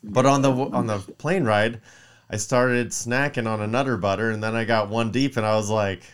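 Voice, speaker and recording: A man in his thirties, a podcast co-host, telling a long story in casual chat, animated and profane, acting out quotes. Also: lowish voice, moderate pace, smooth. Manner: mimics voices in quotes.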